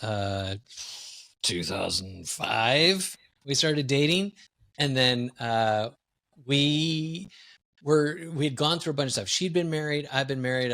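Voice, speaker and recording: Man, podcast guest, mid-pitch, lively candid storyteller. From Wisconsin, US. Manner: animated, candid, self-deprecating storyteller. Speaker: guest, executive coach.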